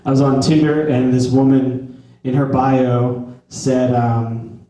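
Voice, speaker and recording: Deadpan man in his thirties doing stand-up. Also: mid-range voice, slow pace. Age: 30s. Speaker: stand-up comedian. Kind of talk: stand-up set. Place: back room of a skate shop, live audience. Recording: echoey room from far off, audience audible.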